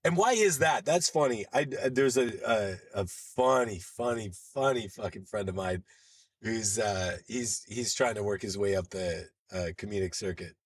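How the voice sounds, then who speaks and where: A man's voice: lowish voice, normal speed, no room sound, clean studio sound. A man from Los Angeles, a screenwriter and producer, guesting on a podcast and telling rambling, profanity-laced stories in casual conversation. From Los Angeles, United States. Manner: rambling anecdotal storyteller who swears freely.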